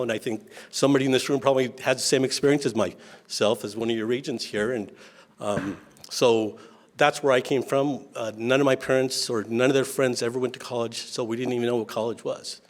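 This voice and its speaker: A man's voice: mid-range voice, steady tone, fairly quick. Folksy middle-aged man telling stories. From Washington State, US. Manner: folksy, self-deprecating storytelling with many restarts. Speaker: state legislator giving remarks. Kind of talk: informal speech at an event.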